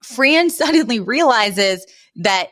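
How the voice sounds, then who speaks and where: A woman co-hosting a podcast, retelling a sitcom episode in animated casual chat, full of fillers. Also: on the high side, slow pace, dry recording, studio quality. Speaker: podcast co-host.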